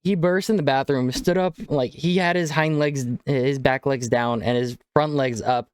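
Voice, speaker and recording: A man's voice: mid-range voice, moderate pace, clean tone, no echo. A young man chatting casually to viewers on a game stream, laid-back and rambling, calling people bro. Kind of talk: casual live-stream chat while gaming.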